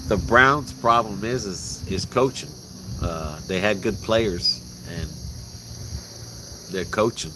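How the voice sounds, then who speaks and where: A man's voice: fairly low pitch, takes it slowly, background noise. A man from Puerto Rico chatting casually on a vlog, laughing and joking about sports with some swearing. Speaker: vlog host. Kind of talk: casual chat. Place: outdoors in rural mountains at night. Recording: outdoor recording, loud crickets. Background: loud crickets and insects.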